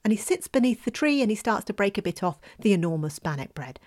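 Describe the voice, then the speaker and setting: A woman telling a folk tale in a lively, expressive way, dropping at times into a whisper. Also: mid-range voice, quick pace. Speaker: storyteller.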